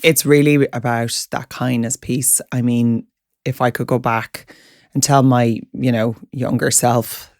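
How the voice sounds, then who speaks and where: A woman co-hosting a wellness podcast, gently agreeing and offering advice in a reflective chat. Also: extremely low pitch, steady tone, unhurried, no echo, clean studio sound. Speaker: podcast co-host.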